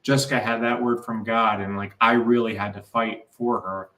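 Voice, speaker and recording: A man in casual chat as co-host, talking haltingly with many fillers. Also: fairly low pitch, level tone, sharp tone, roomy sound, recorded from a distance, rough recording.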